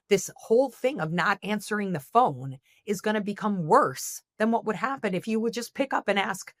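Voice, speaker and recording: A woman's voice: mid-range voice, dry recording, studio quality. A woman speaking as a therapist guest on a podcast, giving earnest advice and checking in with "okay?" often.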